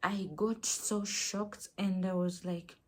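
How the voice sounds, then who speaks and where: A woman's voice: mid-range voice, fairly even intonation, slow pace, a little mellow. A young woman vlogger earnestly retelling a painful personal story, acting out quoted dialogue.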